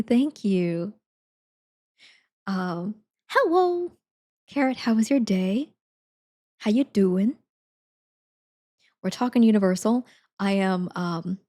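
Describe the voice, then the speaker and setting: A woman's voice: medium pitch, a little mellow. A young woman chatting casually with her stream viewers, giggling and rambling with lots of fillers. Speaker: live streamer.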